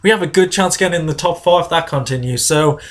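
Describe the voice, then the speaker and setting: Guy narrating his football game run, slightly high voice, chatty and gets loud on goals. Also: fast talker. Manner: chatty play-by-play, bursts into excited shouts at goals. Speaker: gaming channel host. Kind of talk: video game commentary.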